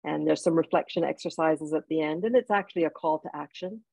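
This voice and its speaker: A woman's voice: low-pitched, brisk, gravelly, a little mellow, no room sound, low-quality recording. A woman from Jamaica, an author guest in an interview, telling personal stories in a heartfelt way with restarts. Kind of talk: interview conversation.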